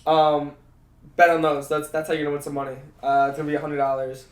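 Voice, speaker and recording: A young man co-hosting a casual sports podcast, loud and rambling, laughing often. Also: fairly high pitch, little pitch movement, fast. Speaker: podcast co-host. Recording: echoey room with faint noise.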